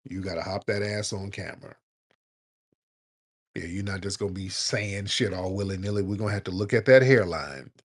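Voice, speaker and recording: A man hosting a call-in show, blunt and joking, scolding his callers in loud, casual talk. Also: sits low, moderate pace, slightly rough. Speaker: radio call-in host.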